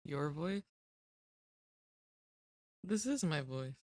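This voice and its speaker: A woman's voice: deep voice, animated, extremely slow, darkish tone, no echo, clean studio sound. A woman streamer chatting casually with her viewers, rambling and giggling at herself. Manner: giggly, rambling, self-deprecating.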